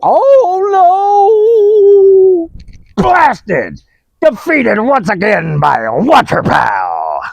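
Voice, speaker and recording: A man voicing a blustering skeleton pirate villain in a homemade ad skit, shouting with growly pirate bluster. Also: extremely high pitch, very animated, extremely slow, vocal fry, pauses often, dry recording, dull audio, voice pushed up, heavily acted. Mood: defeated.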